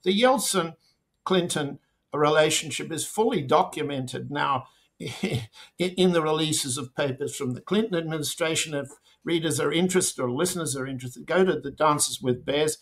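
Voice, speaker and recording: A man giving slow, deliberate political commentary as an interview guest, with pointed emphasis. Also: a little high, fairly bright tone.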